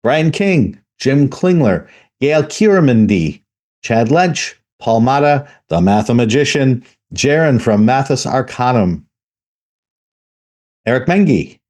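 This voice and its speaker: A man hosting a tabletop gaming podcast, reading out patron credits in a steady, even way. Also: medium pitch, slow pace. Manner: steady, even delivery reading a list of names. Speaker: podcast host.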